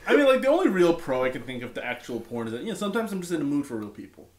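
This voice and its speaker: A man co-hosting a podcast, excitable and slangy, laughing through crude banter. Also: fairly high pitch, very fast, reverberant, very noisy. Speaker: podcast co-host. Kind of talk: crude casual chat.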